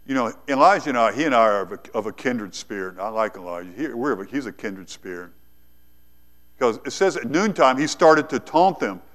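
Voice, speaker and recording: A man preaching a sermon, telling the story dramatically and swinging from lively to hushed. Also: mid-range voice, brisk. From United States.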